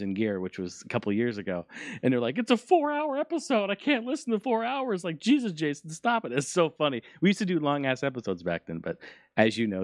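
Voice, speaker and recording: A man's voice: fairly low pitch, no echo. Guy ranting on his podcast, swears a lot, voice jumps all over, dry close sound. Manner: profane, animated ranting. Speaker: podcast host. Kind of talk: casual solo podcast chat.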